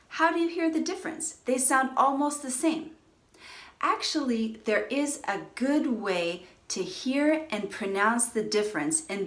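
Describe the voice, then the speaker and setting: A woman teaching English pronunciation, speaking with deliberate, carefully stressed words and leading repeat-after-me drills. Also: medium pitch. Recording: echoey room.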